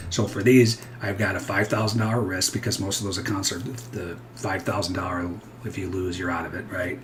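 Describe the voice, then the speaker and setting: Casting: male pro trader, lowish voice, candid and digressive, thinking aloud over charts. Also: a bit bright, slight background noise. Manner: rambling, self-interrupting, candid. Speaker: futures trader. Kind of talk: live trading commentary.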